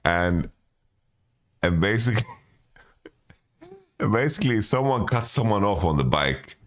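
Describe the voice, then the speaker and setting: A man's voice: on the low side, sing-song, unhurried. A man streaming a watch party, talking loosely and profanely, calling everyone "bro" as he reacts. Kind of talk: casual reaction commentary.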